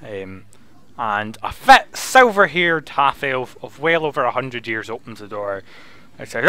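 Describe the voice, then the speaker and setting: A man's voice: medium pitch, very animated, unhurried, pushed and bright, clear, resonant tone, no echo. A man running a tabletop game as dungeon master, loose and swearing as he reads through the adventure aloud.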